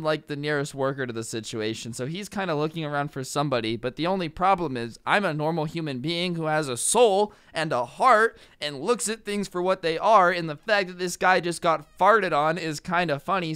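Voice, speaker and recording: A man's voice: fairly high pitch, pushed and bright, clean tone, no echo, studio quality. A young man casually telling a funny story over gameplay, chatty with lots of fillers, acting out the people in it. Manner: chatty, filler-heavy, acts out quoted people. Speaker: storytime vlogger.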